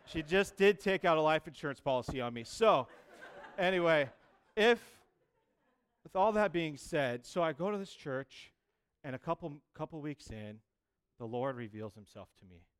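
Smooth-voiced man preaching a lively sermon. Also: on the high side, moderate pace. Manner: lively storytelling, acting out quoted voices, chatty asides. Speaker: pastor. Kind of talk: sermon with personal testimony.

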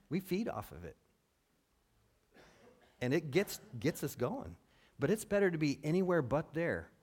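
A man preaching a sermon in a lively, conversational way, asking his listeners questions and acting out what people say. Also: a little high. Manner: lively, conversational, acts out quoted speech; asks the audience questions. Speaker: pastor.

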